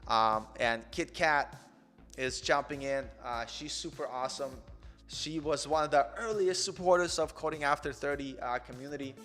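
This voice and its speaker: A man's voice: a little high, moderate pace, a bit bright, long reverb tail, faint music behind. A man in his forties hosting a coding channel in an earnest, rambling live-stream chat, peppered with "man". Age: 40s.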